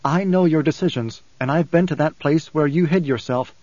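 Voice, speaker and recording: A man voicing a calm, resolute young man who speaks softly in a low, conversational tone. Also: moderate pace, dry recording, dull audio, close to an everyday voice.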